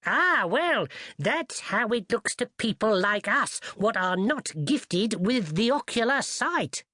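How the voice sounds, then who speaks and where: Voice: medium pitch, big pitch swings, slow pace, bright, forceful tone, no echo, clean studio sound, pitched above the performer's own voice, heavily acted. A reader voicing a chatty older working-class university handyman who speaks in a folksy, ungrammatical, self-assured way. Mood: knowing.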